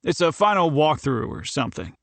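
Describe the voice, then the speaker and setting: A man's voice: a little high, big pitch swings, fairly quick, creaky, fairly bright tone, no room sound, heavily acted. A man voicing a jovial, needling hockey captain. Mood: teasing. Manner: playful, needling.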